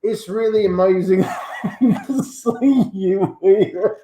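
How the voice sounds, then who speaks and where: A man's voice: sits high, slow, mellow, slight background noise. A man playing a rambling, self-important actor who claims to be Shrek, his fake accent slipping between Scottish and Australian, heard over an echoey video call. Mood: boastful.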